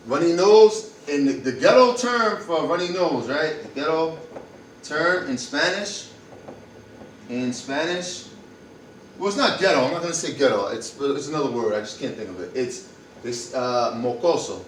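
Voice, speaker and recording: A man's voice: on the high side, animated, normal speed, reverberant, distant mic, slight background noise, low-quality recording. A man teaching medical Spanish vocabulary in an informal class, repeating and spelling words out and thinking aloud as he goes. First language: English. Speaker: Spanish teacher for health workers.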